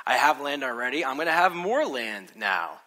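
A man's voice: medium pitch, big pitch swings, moderate pace, pushed and bright. A man in his thirties voicing a smug rich man gloating over a good deal, in an eager, self-satisfied way.

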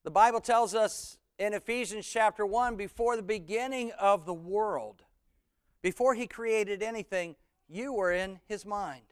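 High, crisp-voiced preaching pastor. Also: male voice, a little slow, no room sound, studio quality. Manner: earnest preaching, drops to a hush for scripture and climbs loud when stirred. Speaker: senior pastor. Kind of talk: sermon.

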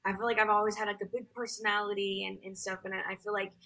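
A woman's voice: medium pitch, flat delivery, quick pace, pushed and bright, rough recording. A young adult woman singer telling her story as an interview guest, rambling with many fillers.

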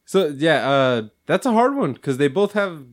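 A man's voice: on the high side, very animated, a little slow. A man chatting casually with friends, swearing often, laughing a lot and slipping into mock voices. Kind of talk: casual chat among friends.

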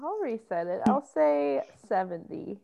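A woman's voice: mid-range voice, big pitch swings, measured pace, vocal fry, mellow. A woman guest on a casual podcast chat, giving short, giggly replies.

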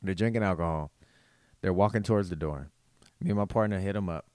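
A man with a smooth, resonant voice tells stories in casual podcast chat. His delivery is animated and profane, and he acts out the lines of the people in his stories. The sound is close and dry. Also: low-pitched, fast, no room sound. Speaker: podcast guest comedian.

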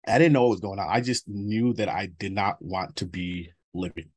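A man's voice: lowish voice, moderate pace, a little mellow. A man in his thirties as an interview guest, talking bluntly and profanely about his past, with laughs between stories. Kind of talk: candid personal interview.

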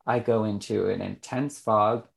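A man, an author and interview guest, speaking candidly and reflectively, often pausing and restarting his sentences. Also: fairly low pitch, steady tone, gravelly. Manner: reflective and halting, with frequent restarts.

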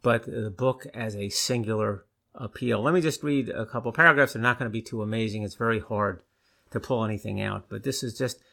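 A man co-hosting a casual chat show who talks with enthusiasm and reads aloud slowly and deliberately. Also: on the low side, creaky, fairly bright tone. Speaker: podcast co-host.

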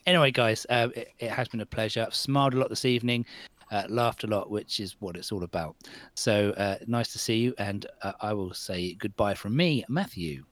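A man's voice: on the low side, brisk, fairly bright tone, dry recording. A man hosting a podcast in a casual, chatty, self-deprecating way. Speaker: podcast host. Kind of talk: casual chat.

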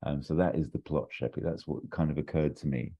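A man with an extremely deep, dark and husky voice. He chats casually, rambling and restarting his sentences. The recording is dull and lo-fi. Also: a little fast. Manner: rambling, hesitant, many restarts and fillers. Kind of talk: casual chat, pitching a story idea.

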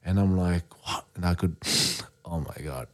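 A man's voice: deep voice, measured pace. A man in his thirties telling a playful story about his family on a casual podcast, acting out his own lines. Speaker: podcast co-host.

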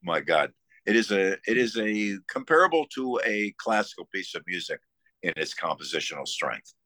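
A man's voice: on the low side, very animated, normal speed, sharp tone, no room sound. A man from the Buffalo area, a musician guest in a casual interview, telling stories with enthusiasm between many fillers and restarts. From United States, Buffalo area. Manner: enthusiastic storytelling.

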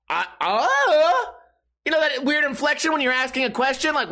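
A man's voice: very high-pitched, very animated, normal speed, bright, forceful tone. A young man hosting a comedic podcast, ranting in an exasperated, profane way with mocking voices. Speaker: podcast host.

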